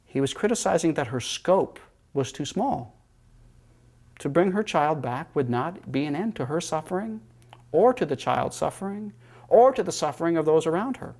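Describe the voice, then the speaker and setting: A man teaching yoga philosophy in a calm, reflective manner and telling teaching stories. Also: fairly high pitch, normal speed, long pauses. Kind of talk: spiritual lecture.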